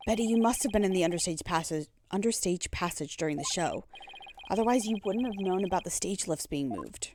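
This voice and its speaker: A woman's voice: on the low side, big pitch swings, fairly quick, a little mellow, a little hiss or hum. A woman voicing a young male defense attorney in an earnest, explaining manner, close to her own voice, as she reads a game aloud.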